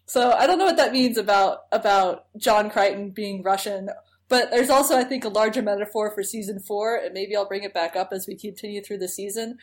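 A woman's voice: medium pitch, fairly quick. A woman co-hosts a podcast and recaps an episode in casual chat. She is enthusiastic and chatty and laughs often. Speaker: podcast co-host.

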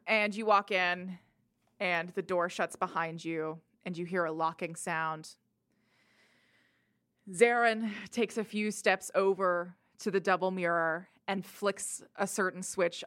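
A woman narrating a tabletop game as game master, in a calm, matter-of-fact way. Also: on the low side, unhurried.

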